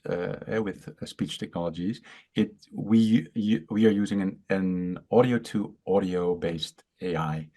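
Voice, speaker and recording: Dutch-accented founder, male, lowish voice, stutters through an explanation, lots of fillers and restarts. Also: a little mellow. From Netherlands. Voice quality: stutters, with many fillers and repeated words. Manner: explanatory, halting. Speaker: startup founder. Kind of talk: interview on a video call.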